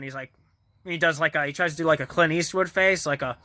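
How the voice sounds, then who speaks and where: A man's voice: a little high, fast, bright, forceful tone, no room sound. A man vlogger casually retelling a TV episode in a rambling way, full of fillers, restarts and small chuckles. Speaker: vlogger reviewing a TV show.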